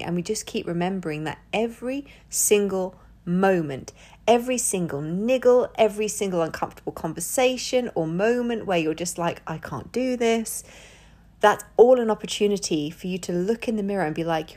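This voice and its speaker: A woman's voice: on the low side, a little mellow. A woman hosting her own podcast in a casual solo monologue, talking candidly, swearing freely and often breaking into laughter. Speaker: podcast host.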